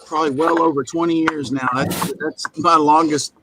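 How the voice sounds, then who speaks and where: A man's voice: a little high, steady tone, moderate pace. A man chatting in an easygoing, talkative way during a live stream. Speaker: stream participant. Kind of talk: casual chat on a live stream. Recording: background noise.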